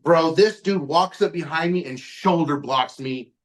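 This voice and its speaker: A podcast host with a slightly high voice tells a story casually and a little slowly into a podcast mic. He swears a lot and acts out the lines people said.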